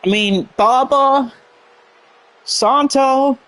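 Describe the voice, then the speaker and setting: A man's voice: very high voice, extremely slow, sharp tone. A man doing rambling play-by-play commentary on a wrestling show, heavy on fillers.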